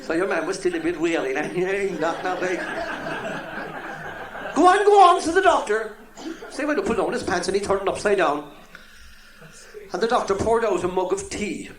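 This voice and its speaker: A man with a Cork Irish accent telling jokes to a live audience, jumping into high shouted voices for the people in his jokes. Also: a little fast. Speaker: comedian. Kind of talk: live stand-up joke telling. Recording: echoey live venue with laughing crowd, worn tape copy.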